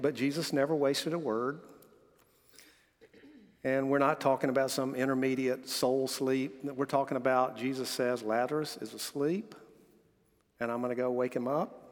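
A man's voice: medium pitch, fairly even intonation, normal speed, in a large hall. A man delivering a sermon as pastor, earnestly preaching, telling stories and reading scripture aloud.

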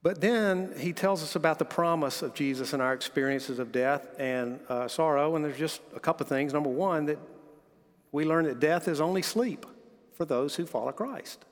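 A man's voice: fairly high pitch, moderate pace, big-room sound. A man delivering a sermon as pastor, earnestly preaching, telling stories and reading scripture aloud.

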